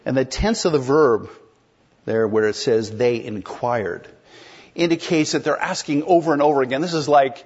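Man, pastor, sermon, husky voice, medium pitch, muffled lo-fi recording. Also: normal speed. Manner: conversational, explains and asks the congregation questions. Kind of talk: expository sermon.

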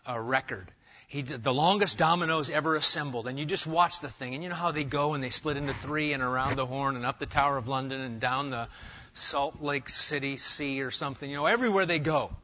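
Middle-aged male pastor, conversational expository preaching with questions to the room; bright, forceful tone, muffled lo-fi capture. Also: fairly high pitch. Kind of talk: expository sermon.

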